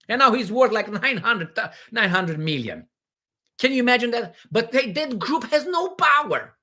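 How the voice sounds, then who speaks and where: A man from Romania, hosting a casual livestream Q&A in a rambling, animated way from home. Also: high voice, breathy edge. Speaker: livestream host.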